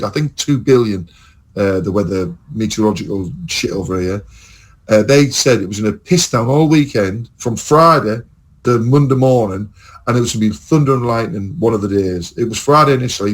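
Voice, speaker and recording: A man's voice: lowish voice, low-quality recording. A man telling long, rambling, sweary stories as a podcast host in casual chat.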